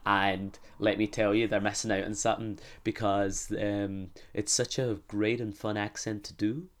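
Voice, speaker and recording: A man's voice: on the low side, level tone, moderate pace. A young man with a Glasgow accent, hosting a podcast in casual, rambling, sweary comic chat. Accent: Glaswegian Scottish. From Scotland. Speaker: podcast host.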